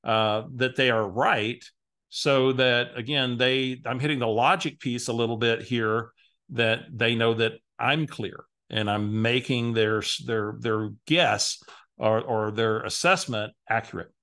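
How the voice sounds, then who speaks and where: A man's voice: medium pitch, measured pace, a bit bright. A middle-aged man presenting a training video as a real estate sales coach, explaining a method step by step and acting out sample phone calls.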